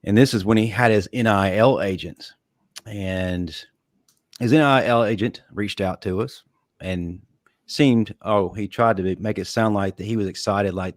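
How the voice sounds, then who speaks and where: A man co-hosting a college football show, his voice fairly low for a man. He tells a behind-the-scenes story, pausing and restarting as he goes. His sound is dry and close. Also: dry recording. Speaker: show co-host. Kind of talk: sports talk show.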